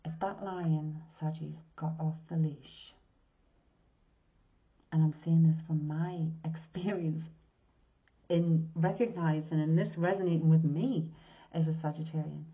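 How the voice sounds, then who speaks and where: A woman's voice: sits low, fairly even intonation, unhurried. A woman in her sixties, working as a medium, gives a tarot reading in an earnest, heartfelt way and often drops to a whisper. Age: 60s. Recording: dull lo-fi recording.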